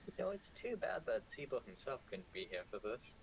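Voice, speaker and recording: A man plays his character in a tabletop game, asking wry, probing questions. His pitch moves around a lot, and faint noise is heard behind him. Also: very animated, normal speed, muffled recording. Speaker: player. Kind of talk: in-character tabletop role-play.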